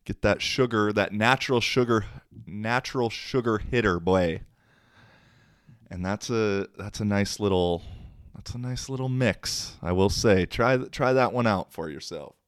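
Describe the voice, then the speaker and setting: A young man hosts a solo podcast in a slangy, rambling, self-mocking chat. His voice sits low and deep, and he talks at an unhurried pace. The sound is dry and close, with no room around it. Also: smooth, dry recording. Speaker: podcast host.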